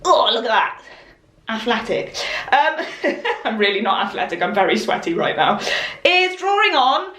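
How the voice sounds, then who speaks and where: Woman, high bright voice, breathless sewing tutor, roomy echo from off-mic. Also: sing-song, normal speed. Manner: chatty and encouraging, laughs often. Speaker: sewing pattern instructor. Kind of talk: live-streamed sewing tutorial. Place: room, speaking while moving in front of camera. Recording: echoey room, voice a bit far from mic.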